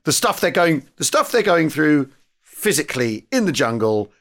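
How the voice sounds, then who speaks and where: Lively man with a jokey tone. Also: fairly high pitch, moderate pace. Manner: jokey, laughs easily. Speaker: podcast co-host. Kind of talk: casual podcast chat.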